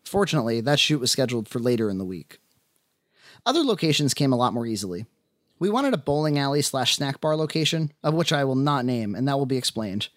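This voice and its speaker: An independent filmmaker narrating the making of his film in measured, wry first person. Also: mid-range voice, no room sound, studio quality.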